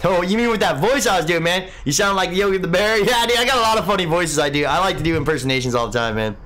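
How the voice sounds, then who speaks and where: A man's voice: high-pitched, quick pace, fairly bright tone. A young man hosting a live game stream, casually rambling as he reads and answers viewer comments. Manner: laid-back, rambling, says "man" a lot. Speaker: livestream host.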